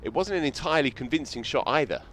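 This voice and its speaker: A man's voice: mid-range voice, lively intonation, fast, fairly bright tone, slight background noise. A man commentating on cricket, telling reflective anecdotes.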